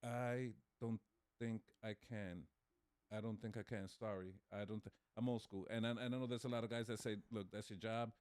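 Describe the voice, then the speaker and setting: A man's voice: on the low side, fairly even intonation, normal speed, a little mellow, clean tone, no echo. A man co-hosting a casual podcast chat, hesitant and full of restarts, ums and laughter. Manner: laughs while telling stories. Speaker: podcast co-host.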